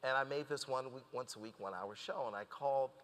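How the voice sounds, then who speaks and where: His voice sits at medium pitch, moves fairly quickly, and sounds like it's in a big room. Speaking as a guest in a relaxed interview, the man tells a lively story and voices the quoted people's lines himself.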